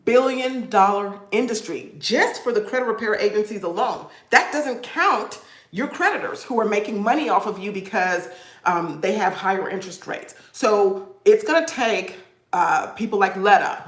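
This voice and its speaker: A woman's voice: mid-range voice, roomy sound. A woman hosts a live video-call session as a credit repair coach, giving an encouraging motivational talk to her viewers. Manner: warm, encouraging, addresses viewers as "y'all".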